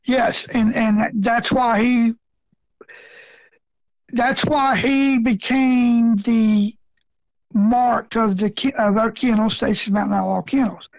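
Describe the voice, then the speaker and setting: A man's voice: extremely high pitch, fairly even intonation, takes it slowly, gravelly, no room sound. A middle-aged man telling a story in a casual interview, folksy and chuckling often, with rural grammar. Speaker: rabbit hunting guest. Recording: dull lo-fi sound.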